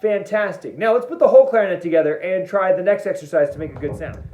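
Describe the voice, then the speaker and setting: A man's voice: high-pitched, fast. A man teaching an online music lesson, playful and jokey as he demonstrates each step. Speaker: band teacher. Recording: echoey room, dull lo-fi sound.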